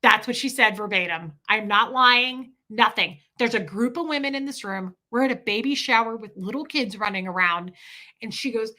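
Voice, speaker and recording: A woman hosting a livestream, telling stories in a casual, profane, animated way and acting out the people she quotes. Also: a little high, normal speed. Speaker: livestream host. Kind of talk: casual storytelling to a live chat.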